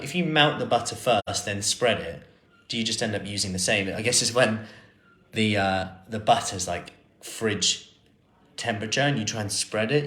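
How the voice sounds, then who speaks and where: On a live stream, a personal trainer in his thirties talks through what viewers ask him, relaxed and prone to fillers and false starts. His pitch is fairly low.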